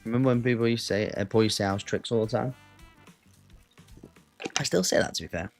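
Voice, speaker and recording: A man's voice: on the low side, quick pace, creaky, faint music behind. A man with an English accent chatting casually with his viewers as a gaming streamer, rambling and answering the chat.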